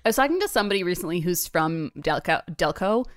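A woman's voice: on the low side, expressive, fast, no echo, clean studio sound. A young woman co-hosting a podcast, talking candidly and enthusiastically, with casual swearing. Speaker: podcast co-host. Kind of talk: casual chat.

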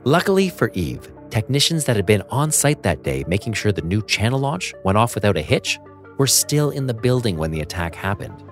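Male podcast host, lowish voice with a very animated delivery, wry storyteller, faint music under him. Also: brisk. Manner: lively storytelling, self-mocking humor. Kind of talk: scripted narration and casual chat.

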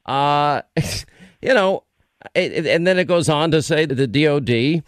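A male talk show host giving punchy, opinionated commentary. His voice sits a little high, and the sound is dry and close. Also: measured pace, no echo. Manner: combative, punchy.

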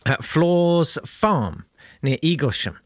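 A man's voice: fairly high pitch, big pitch swings, takes it slowly, no room sound. A man co-hosting a comic history podcast, telling a story with mock-indignant banter. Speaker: podcast co-host.

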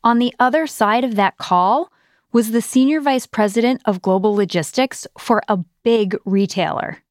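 A woman narrating a podcast in clear, even scripted delivery. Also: a little high, moderate pace, no echo, studio quality.

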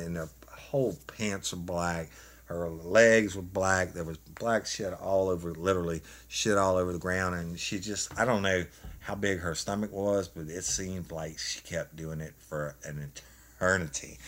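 A man, a former police officer, telling a funny story in a casual, animated way with laughs. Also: low-pitched.

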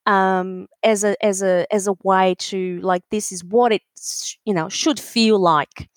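A woman telling a story in a casual interview, animated and full of fillers, acting out other people's voices. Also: mid-range voice, a little slow, no room sound. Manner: animated, acts out voices in quotes, many fillers. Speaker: alpaca breeder, guest.

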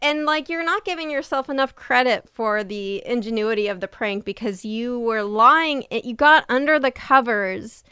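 Teasing woman with a smooth voice. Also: on the high side, lively intonation, moderate pace, hardly any pauses, bright, forceful tone, no room sound, studio quality. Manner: teasing, playful, laughs often. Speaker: podcast host. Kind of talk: casual chat.

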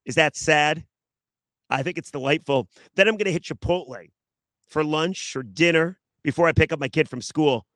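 Chatty sports podcast host, dry sound. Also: male voice, fairly high pitch, moderate pace, a bit bright, dry recording. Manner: chatty, joking asides, repeats himself for emphasis. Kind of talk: solo sports podcast monologue.

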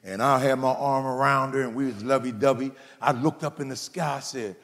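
Gravelly-voiced preacher in a reverberant hall. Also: male voice, medium pitch, brisk, few pauses, fairly bright tone. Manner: folksy preacher, playful storytelling, calls out to the congregation. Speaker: pastor. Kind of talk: sermon.

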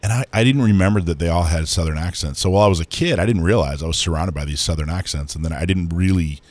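A man from North Florida hosting a radio talk show, asking eager, quick questions. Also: low-pitched, a little mellow, no room sound. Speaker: radio host.

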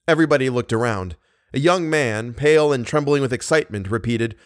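A man narrating an audiobook in an expressive, steady storytelling manner. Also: medium pitch, a little fast, dry recording, clean studio sound. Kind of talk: scripted narration.

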